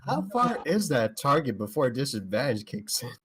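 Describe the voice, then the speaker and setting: A man playing a tabletop game, excitable and swearing in casual chat. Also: mid-range voice, moderate pace, noisy background. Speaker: player.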